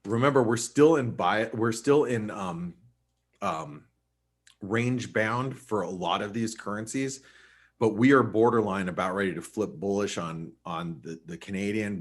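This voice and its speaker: A man giving a casual live webinar on currency charts, chatty and full of restarts. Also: lowish voice. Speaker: forex market analyst.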